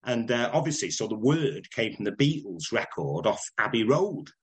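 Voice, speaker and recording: An older man with a Manchester accent, telling stories in a casual interview, chatty and quick to laugh. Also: mid-range voice, very animated, slightly rough, poor audio. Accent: Northern English, Manchester. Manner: chatty anecdotal, laughs often, does voices in stories. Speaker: interviewee, broadcaster.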